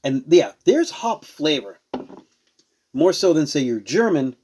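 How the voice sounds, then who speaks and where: A man's voice: a little high, sing-song, unhurried, darkish tone. A man casually reviewing and tasting beers on a show he hosts, rambling and searching for words as he goes. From Rhode Island. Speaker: beer reviewer.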